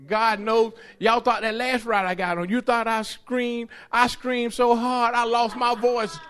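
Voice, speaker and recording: A man giving an animated testimony in church, folksy and excitable, laughing and hollering as he tells it. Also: measured pace, clear, resonant tone. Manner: folksy, excitable, laughs while telling, hollers at the high points. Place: church sanctuary.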